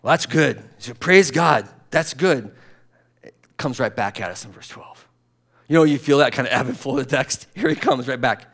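A man's voice: mid-range voice, animated, moderate pace, gravelly, a bit bright. A man preaching a sermon in a conversational way, acting out grumbling voices and sighing as he goes. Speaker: pastor.

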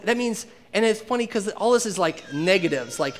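A pastor with a high-sitting voice delivers a conversational sermon to his congregation, very animated and brisk with few pauses. He poses questions to the listeners and acts out the quotes he reads.

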